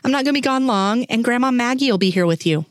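A woman reading the lines of a calm female agent and mother who speaks softly but firmly. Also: mid-range voice, a little fast, no echo, clean studio sound, lightly acted. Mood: gentle. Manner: soft but firm.

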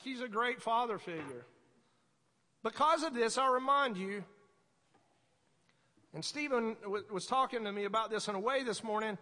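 A woman preaching a sermon in a conversational way, breaking into sudden shouted bursts. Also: a little high. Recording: echoey hall.

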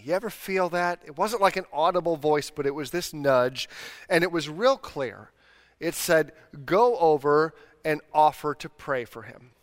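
A man in middle age delivers a sermon from the pulpit, talking to the congregation as if chatting with friends and chuckling at his own failings. His voice sits a little high and stays smooth and resonant. A long reverb trails each phrase, as in a large sanctuary. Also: a bit bright. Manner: conversational storytelling with self-deprecating laughs. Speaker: pastor.

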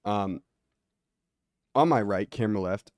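A man hosting a podcast interview, joking around and tossing in quick interjections. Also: on the low side, darkish tone, no echo, clean studio sound. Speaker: podcast host. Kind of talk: casual interview chat.

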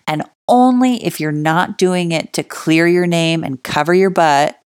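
A woman's voice: lowish voice, unhurried, hardly any pauses, clean tone, no room sound, clean studio sound. A woman giving casual spoken advice, stressing key words firmly and chatting with fillers like "like" and "you know". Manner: emphatic, stresses key words, acts out example dialogue. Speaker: relationship advice speaker.

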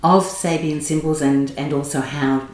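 A woman hosting an interview, asking measured, admiring questions. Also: low voice, fairly even intonation, darkish tone. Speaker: interviewer host. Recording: roomy echo.

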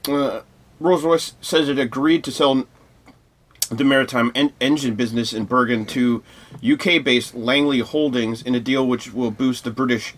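A man's voice: mid-range voice, fairly bright tone, slight background noise. Man reading news with hesitant fillers. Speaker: podcast co-host. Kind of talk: casual news discussion.

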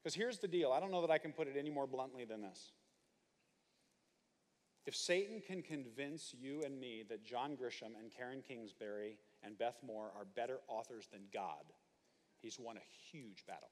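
A man preaching a sermon, telling stories with animated, comic asides. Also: medium pitch, moderate pace. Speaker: pastor. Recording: hall reverb.

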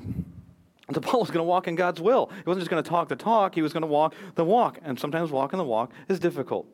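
A man's voice: a little high, lively intonation, a little fast. An American man preaching a sermon as pastor, earnest and emphatic, quoting scripture and speeches.

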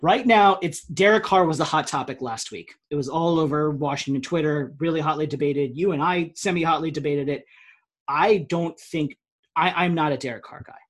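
A man's voice: fairly high pitch, normal speed. A man co-hosting a casual sports podcast, opinionated and emphatic. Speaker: podcast co-host.

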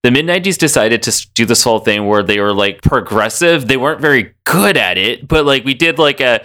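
A man co-hosting a casual podcast chat about a cartoon, talking in animated bursts that jump high when he makes a point. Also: brisk. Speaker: podcast co-host.

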